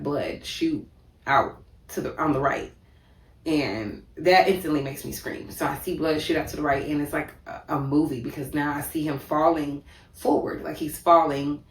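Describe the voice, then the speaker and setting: A woman vlogger telling a personal story in a vivid, repetitive way, with many fillers. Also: low-pitched. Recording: echoey room, distant mic.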